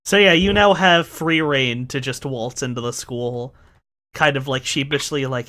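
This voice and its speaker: A man's voice: medium pitch, measured pace, pushed and bright. A man narrating as game master in a casual, profane way, laughing often.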